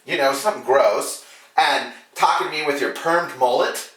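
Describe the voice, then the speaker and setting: Guy hairdresser ranting a story, cussing, bright voice, echoey room, mic kinda far. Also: medium pitch, normal speed. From Alaska. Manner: animated, profane, acts out quotes. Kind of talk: casual storytelling.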